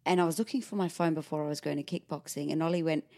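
A woman co-hosting a podcast, telling expressive anecdotes in casual chat. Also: low-pitched, racing. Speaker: podcast co-host.

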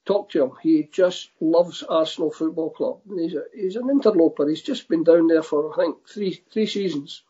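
Older Scottish man, husky and mellow. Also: on the high side, moderate pace, few pauses. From Scotland. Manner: relaxed storytelling, says "aye". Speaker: guest. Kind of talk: casual interview over a remote line. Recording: dull lo-fi line.

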